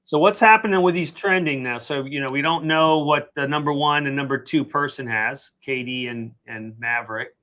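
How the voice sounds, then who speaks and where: A man's voice: mid-range voice, normal speed, hardly any pauses, bright, forceful tone. A man co-hosting a casual live stream, giving opinionated, rambling explanations.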